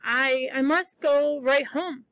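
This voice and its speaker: Woman voicing a sick stubborn girl in a storybook, slow and thick, bright dry tone. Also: high voice, creaky, dry recording, full character voice.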